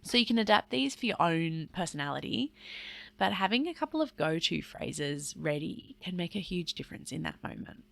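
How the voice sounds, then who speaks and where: A woman talks alone into the mic as a podcast host, in a low-pitched voice. Her tone is earnest and explanatory, loose and chatty, with a gravelly edge of vocal fry. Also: very animated, normal speed. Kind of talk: solo podcast monologue.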